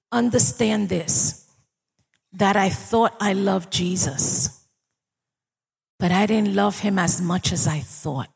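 Woman preacher, slow and husky, chatty sermon delivery, long hall echo. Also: medium pitch, a little mellow. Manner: conversational preaching, asks the congregation for agreement. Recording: long reverb of a large hall.

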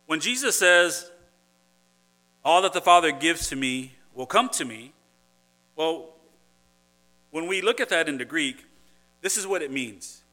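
A man's voice: fairly high pitch, bright, forceful tone. A man preaching a sermon, earnest and conversational, who often restarts phrases and builds to emphatic points. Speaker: pastor.

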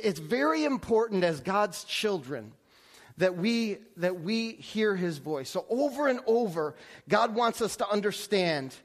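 A man with a notably high voice preaches in a loose, conversational way. He circles back on his words and keeps asking his listeners questions as he teaches. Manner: conversational, many restarts and rhetorical questions. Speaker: pastor. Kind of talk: sermon.

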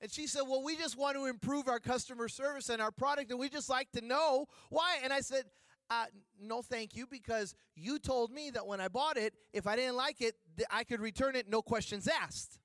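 High-pitched male preacher telling a lively anecdote from the pulpit, dry and close. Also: moderate pace, dry recording. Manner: animated, joking with the congregation. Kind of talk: storytelling sermon. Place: church.

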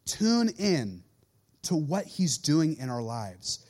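A man in his thirties, a youth pastor preaching a sermon in an animated way and acting out quoted voices. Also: a little high, slow.

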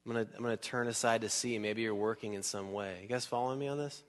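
A male pastor preaching a sermon in a church hall. He talks in a conversational, animated way, asks the crowd questions and acts out little scenes. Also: fairly low pitch, quick pace. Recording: long hall reverb.

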